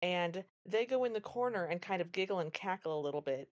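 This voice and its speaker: A woman's voice: lowish voice, a little fast. A woman co-hosting a podcast, recapping a film in casual chat and acting out the characters' lines as she goes. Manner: animated retelling, acts out quoted lines. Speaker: podcast co-host.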